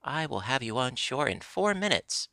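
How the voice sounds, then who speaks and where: A big, kindly tunny fish offers help in a reassuring, gravelly voice, as a man reading a storybook puts it on. The sound is close and dry. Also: medium pitch, big pitch swings, normal speed, bright, forceful tone, dry recording, exaggerated voice.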